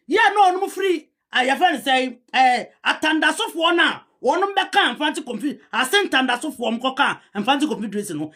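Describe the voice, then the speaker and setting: Rebutting a historian in heated commentary, a woman with a Ghanaian accent argues in a high-sitting, slightly bright voice. She moves back and forth between English and a local language.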